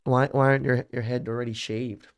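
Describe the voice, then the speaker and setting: A man's voice: mid-range voice, flat delivery, fairly quick, slight background noise. A man hosting a casual reaction commentary, dismissive and mocking in tone. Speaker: host.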